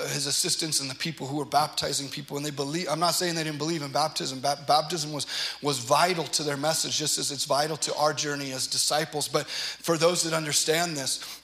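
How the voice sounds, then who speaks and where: A man's voice: on the high side, pushed and bright, roomy sound, poor audio. A man teaching a Bible study as pastor, reading passages aloud and explaining them in an earnest, emphatic way with casual asides.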